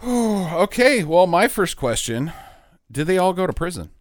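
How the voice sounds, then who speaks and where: A man's voice: sits high, very animated, measured pace, no echo, studio quality. A man hosting a casual chat, joking around and asking the others questions. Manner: joking, asks questions, trails off.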